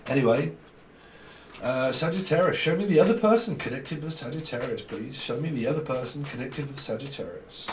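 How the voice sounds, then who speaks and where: Speaking fairly quickly in an expressive, mid-range voice, a British tarot reader meanders casually through a reading full of jokes and laughter. He often switches into slang and mock voices. The room is echoey, the mic distant, and a faint noise lingers.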